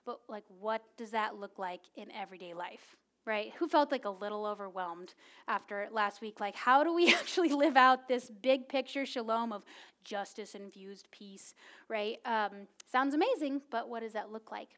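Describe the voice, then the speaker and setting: A woman in her thirties preaching a sermon, telling a personal story in a casual, animated way with many filler words. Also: on the high side, normal speed. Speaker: pastor.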